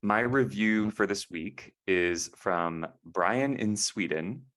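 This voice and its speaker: A man's voice: fairly low pitch, takes it slowly, a bit bright. A young man co-hosting a podcast in casual chat, rambling and hesitant with many fillers and restarts. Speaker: podcast co-host.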